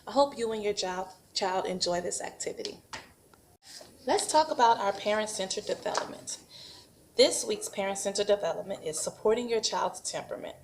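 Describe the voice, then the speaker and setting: A patient woman teacher walks through a toddler craft at home in a slow, encouraging voice. Her voice has a gravelly edge, and a faint hum of noise sits behind it. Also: medium pitch. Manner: patient, slow and encouraging, models sing-song animal sounds for toddlers. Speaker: preschool teacher. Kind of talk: craft demonstration and parenting tips.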